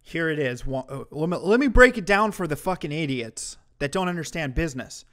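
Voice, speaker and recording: A man's voice: on the high side, expressive, a little fast, fairly bright tone. A man streaming commentary to his chat, ranting in a heated, mocking way with heavy swearing.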